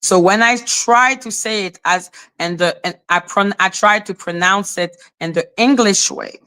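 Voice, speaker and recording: A woman from Haiti whose first language is French rants live on a stream. Her voice sits at an ordinary middle pitch. She lectures and swears, circling back to the same points with growing exasperation. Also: measured pace, bright, forceful tone. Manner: exasperated, profane, repetitive, lecturing. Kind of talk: heated casual rant.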